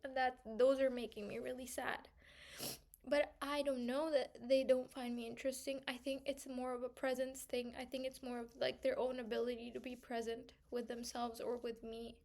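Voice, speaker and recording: A woman's voice: sits high, little pitch movement, moderate pace, a little mellow. A young woman vlogging an emotional personal monologue, reflective and searching, trailing off with frequent "like" fillers and sometimes tearful. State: tearful at times.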